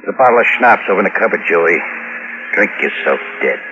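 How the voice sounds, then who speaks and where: An actor playing a hard-bitten carnival owner who narrates tersely in a 1940s radio drama. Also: male voice, deep voice, expressive, a little fast, sharp tone. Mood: contemptuous. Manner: terse, cold, brooding narration. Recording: dull old radio recording with music behind.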